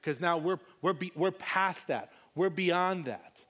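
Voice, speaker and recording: Guy preaching, reads scripture then explains it real casual, kinda high voice. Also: measured pace, fairly bright tone. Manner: casual, conversational retelling with slangy asides. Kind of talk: sermon reading and explaining scripture.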